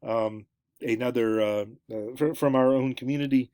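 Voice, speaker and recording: A middle-aged man giving an anthropology lecture, halting with many fillers and restarts, his pitch jumping up for each new point. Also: fairly even intonation, darkish tone, smooth, dry recording. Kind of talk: recorded lecture.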